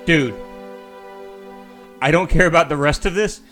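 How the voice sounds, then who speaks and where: A man's voice: fairly high pitch, unhurried, fairly bright tone, soft background music. A man streaming a video game, chatting casually and mocking himself as he thinks aloud. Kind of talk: casual let's-play commentary.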